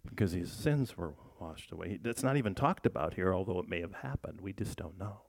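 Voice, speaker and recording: A man's voice: sits low, animated, brisk, gravelly. A man preaching a conversational sermon in a church, talking through the text with his congregation, asking them questions and often restarting sentences. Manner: chatty, asks the congregation questions, frequent restarts. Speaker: pastor.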